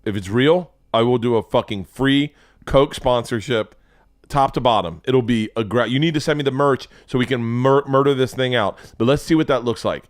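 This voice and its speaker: A man hosting a show, giving sarcastic, profane running commentary on videos in an animated way. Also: medium pitch, normal speed, dry recording, clean studio sound. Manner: animated, sarcastic, swears a lot. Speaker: show host.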